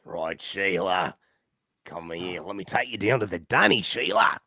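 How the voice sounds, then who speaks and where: Man doing a drunk rugged Aussie bloke, mock Australian accent, deep, gravelly, swooping. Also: sing-song, unhurried, sharp tone, no room sound, studio quality, exaggerated voice. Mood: leering. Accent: put-on Australian.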